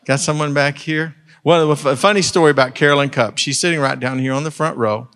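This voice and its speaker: Pastor in a reverberant sanctuary. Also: male voice, on the high side, fast talker, clean tone. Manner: warm joking banter with congregation. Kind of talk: church service, leading testimonies. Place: church sanctuary.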